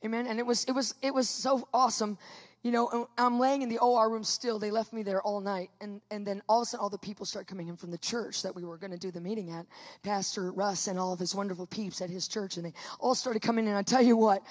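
Animated woman telling a testimony. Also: fairly high pitch, big-room sound. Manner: animated storytelling, acting out quotes. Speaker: preacher. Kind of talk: testimony sermon to a live audience.

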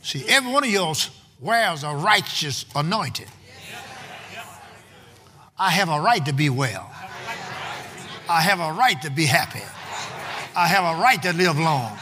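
Bright-voiced preacher man in a reverberant hall. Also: fairly high pitch, sing-song. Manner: emphatic, calls out to the congregation, drawn-out shouted lines. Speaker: pastor. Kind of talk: sermon. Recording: long hall reverb, faint room noise.

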